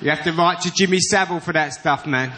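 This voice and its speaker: London stand-up comic, noisy theatre. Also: male voice, on the high side, fast. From East End of London. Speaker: guest comedian. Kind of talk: stand-up comedy routine. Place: large theatre with live audience.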